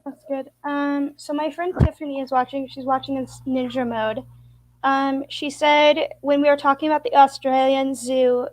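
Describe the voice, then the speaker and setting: A woman's voice: high voice, fairly even intonation, normal speed, no room sound, rough recording. A woman from Idaho hosting her own channel, chatting casually and filling her talk with "like". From Idaho, United States. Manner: chatty, lots of "like". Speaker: channel host. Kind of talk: casual interview chat.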